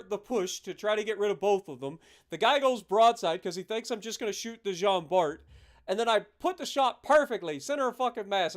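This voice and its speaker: A man streaming live gameplay, commenting casually and breaking into loud, profane rants. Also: high-pitched. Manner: profane, swings into loud ranting. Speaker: gaming livestreamer.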